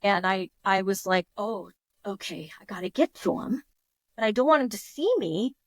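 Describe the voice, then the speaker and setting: A woman guest on a podcast, telling a story in a lively, casual way and acting out her own thoughts in quotes. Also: mid-range voice, moderate pace, no room sound.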